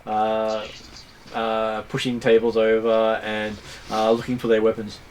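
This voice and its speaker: A man narrating a tabletop role-playing game as game master, halting and full of fillers. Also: on the low side, completely flat delivery, smooth.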